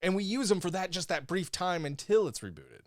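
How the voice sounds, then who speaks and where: A man co-hosting a podcast in casual chat, animated, laughing often and swearing. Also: sits high, fairly quick, dry recording, clean studio sound. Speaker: podcast co-host.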